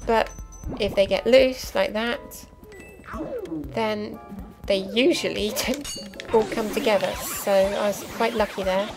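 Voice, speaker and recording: Speaking slowly with fairly even intonation in a medium-pitched voice, a young woman gives chatty, explanatory let's play commentary full of ums and asides. The audio is poor, with game music clearly playing behind.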